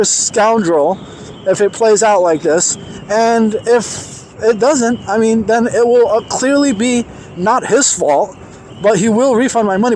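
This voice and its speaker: A man telling a personal story in an animated, emphatic way, acting out the dialogue. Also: high-pitched, a little hiss or hum. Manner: excited, emphatic, acts out quoted dialogue.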